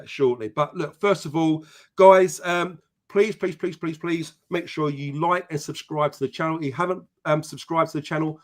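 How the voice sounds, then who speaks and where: Chatty man hosting a live show. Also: fairly high pitch. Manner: chatty and profane, greeting viewers by name. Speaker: podcast host. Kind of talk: casual live-stream chat.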